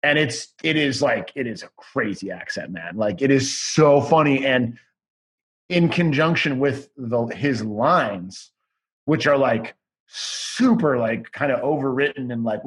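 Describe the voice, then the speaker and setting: A man's voice: medium pitch, lively intonation, unhurried, a bit bright. A man as a podcast guest, chatting casually in a rambling, enthusiastic way and swearing now and then.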